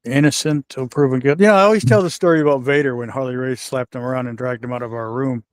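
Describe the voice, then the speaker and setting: An older man telling backstage stories in a casual, animated way, acting out the voices of the people in them. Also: mid-range voice, fast, no room sound. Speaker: guest wrestler telling stories. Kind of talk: casual storytelling.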